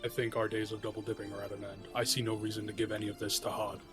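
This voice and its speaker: A man playing in a tabletop game, asking questions wryly and deliberately. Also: on the low side, flat delivery, loud music behind the voice. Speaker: player.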